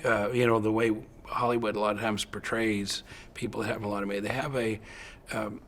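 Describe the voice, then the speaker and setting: A man interviewing a guest, asking friendly, halting questions with restarts. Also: fairly low pitch, flat delivery, a bit bright, a little hiss or hum. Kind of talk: interview conversation.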